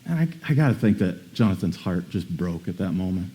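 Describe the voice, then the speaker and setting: A man's voice: sits low, brisk. A man preaching a sermon, reading scripture aloud and commenting in a casual, dramatic way with frequent restarts. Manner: animated, reads scripture then comments with dramatic emphasis; casual asides with repeated word restarts. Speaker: pastor.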